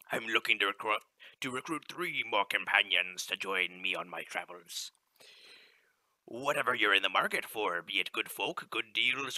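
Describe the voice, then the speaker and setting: A man's voice: on the low side, bright, forceful tone, dry recording. A man voicing a jolly, pirate-like male caravan leader for a video game, reading his lines with a growly pirate drawl and old-timey slang. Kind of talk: amateur game voice-over reading.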